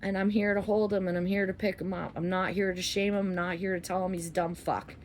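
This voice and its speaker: A woman's voice: fairly low pitch, flat delivery, quick pace, a little hiss or hum. Candid swearing woman vlogging outdoors. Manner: candid, swearing, swings between loud and soft. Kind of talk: casual rambling monologue. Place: outdoors under a flight path.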